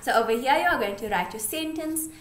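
A woman's voice: high voice, lively intonation, fast talker, a little hiss or hum. Sing-song teacher woman in an echoey room. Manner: patient, sing-song, asks and answers simple questions. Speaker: grade one teacher. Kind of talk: home lesson for young children.

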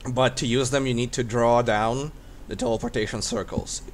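A man acting as dungeon master, explaining rules with frequent pauses and restarts. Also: mid-range voice. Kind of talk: running a tabletop game.

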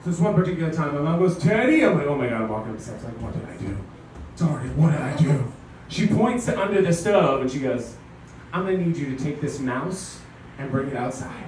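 A young man doing a stand-up comedy set at a house party, animated and slipping into mock voices of his mom and friends. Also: on the high side, fast, a little hiss or hum. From New York. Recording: echoey room, from a distance.

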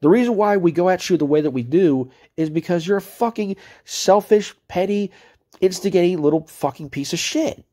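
A man's voice: sits high, normal speed, warm tone. A man giving heated, profane commentary on chat messages he reads out, ranting and cursing as a video creator.

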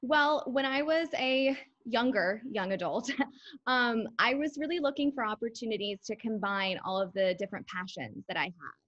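A woman in her twenties, a guest in an interview, talking in a warm, gracious way and laughing easily. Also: a little high, moderate pace, highs cut off. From Florida. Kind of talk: casual interview chat.

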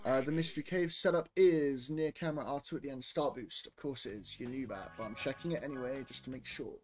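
A man's voice: medium pitch, fast, crowd noise. A young man commentating his own speedrun live, nervous and swearing as he talks to himself.

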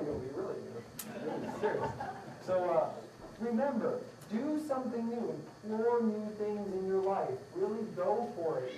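A woman lectures a live class in a casual, rambling flow, upbeat and quick to laugh. Her voice is mellow and dark-toned. She sounds distant from the mic, in a roomy, echoing space. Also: mid-range voice, slight background noise. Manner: rambling, upbeat, with frequent laughs and acted-out quotes. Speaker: raw food class instructor. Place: room with a live audience. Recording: echoey room, mic far off.

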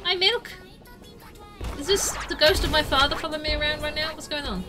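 A woman streaming a video game, reacting excitably, swearing and yelping as she plays over game music. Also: sits high, a little fast. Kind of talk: casual gameplay commentary.

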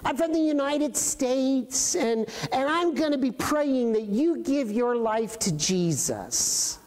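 A man voicing a bold, cheerful little girl quoted in a sermon, lifting his voice brightly. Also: very high-pitched, animated, takes it slowly, big-room sound, pitched above the performer's own voice, heavily acted. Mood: cheery.

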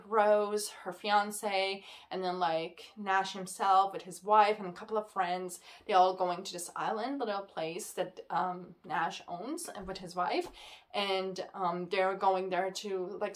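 A woman reviewing books in a casual vlog, excitable and ranting, full of "like" fillers. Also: medium pitch. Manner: excitable, ranting, heavy use of "like". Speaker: book reviewer. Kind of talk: casual book wrap-up vlog.

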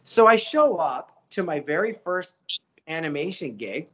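A man, a voice actor telling stories as an interview guest, animated and slipping into character voices. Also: fairly high pitch, unhurried, husky. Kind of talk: casual storytelling interview.

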